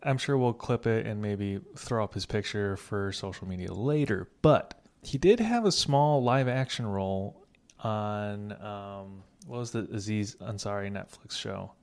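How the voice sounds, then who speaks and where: A man's voice: on the low side, measured pace, a little mellow. A man hosting a casual podcast chat, asking questions and laughing easily. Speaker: podcast host.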